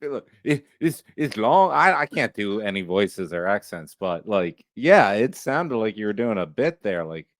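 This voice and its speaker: A man co-hosting a sports podcast in a casual chat, jokey and quick to laugh. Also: fairly low pitch, very animated, no room sound, clean studio sound. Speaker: podcast co-host.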